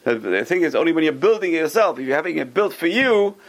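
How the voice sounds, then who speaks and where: A man teaching a Torah class as a rabbi, emphatic and repeating his key words, who tells stories in an animated way. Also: on the high side, fast, low-quality recording.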